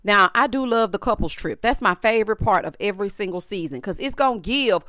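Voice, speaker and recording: A woman giving a sassy, animated recap and review of a reality show, with lots of asides to the listener. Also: mid-range voice, a little fast, no echo. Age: adult, formerly married. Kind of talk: casual commentary.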